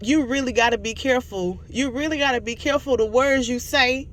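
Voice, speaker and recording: A woman recapping a TV episode in a casual vlog, animated and storytelling, laughing often and apologizing for it. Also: fairly high pitch, fairly quick. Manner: giggly, keeps laughing and apologizing; animated storytelling, acts out quotes. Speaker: TV show reviewer.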